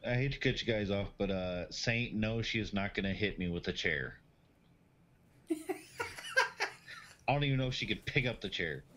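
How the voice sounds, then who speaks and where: Very deep-voiced man on a dull line. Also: lively intonation, a little fast, fairly bright tone. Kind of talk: casual chat.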